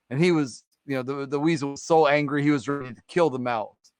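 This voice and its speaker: Male stream host, rambling folktale teller, smooth clear voice, dry close mic. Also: mid-range voice, brisk, no echo. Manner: rambling, filler-heavy, keeps asking "right?". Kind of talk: casual folktale storytelling on a live stream.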